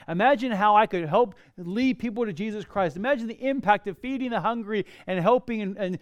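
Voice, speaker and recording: A man preaching a sermon as pastor, animated, acting out quoted pleas to God and parents. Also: high voice, clear, resonant tone.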